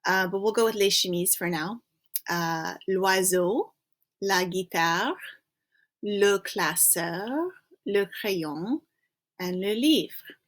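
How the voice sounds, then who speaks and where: A woman's voice: medium pitch, slow pace, pauses often. Patient woman teaching a lesson. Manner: patient, prompts students to guess, many okays. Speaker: French teacher. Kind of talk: recorded classroom lesson.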